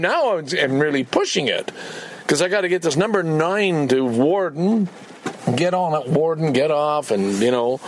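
A man's voice: a little high, creaky, slight background noise. An older man, ranting and swearing in a personal vlog about a frustrating day. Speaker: vlogger.

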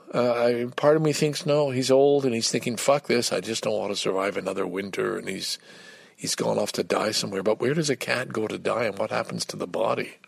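An older man, talking candidly in a rambling, halting way in a casual personal vlog. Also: mid-range voice, gravelly, husky, dry recording. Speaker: vlogger.

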